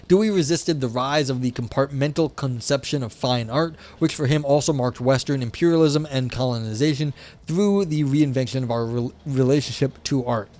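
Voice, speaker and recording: A man's voice: medium pitch, darkish tone. A man hosting a livestream, chatting casually with viewers and reading a philosophy text aloud, with lots of fillers. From United States, south of the New England area. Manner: chatty, responds to chat, many fillers. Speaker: livestream host.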